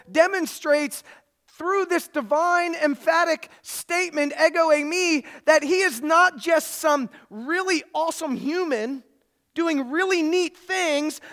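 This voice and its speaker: This is a church sermon from an emphatic preacher who keeps circling back to key phrases, building to loud excitement at the climactic moments.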